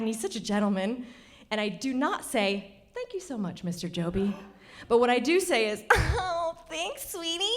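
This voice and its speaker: A woman's voice: high voice, a bit bright. A woman telling a true story on stage before a live audience, wry and confiding. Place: stage of a cultural center.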